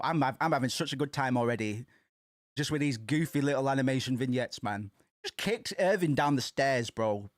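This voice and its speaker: A man streaming himself playing a video game, chatting excitedly into a desk microphone, swearing and restarting his sentences. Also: medium pitch, fairly quick, dry recording, studio quality. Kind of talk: casual let's-play commentary.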